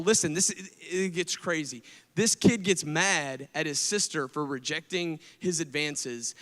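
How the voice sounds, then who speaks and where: Animated male youth preacher in a hall. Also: fairly high pitch. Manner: animated storytelling, many fillers like "like" and "right?". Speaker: speaker at a student event. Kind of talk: casual youth sermon. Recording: long hall reverb.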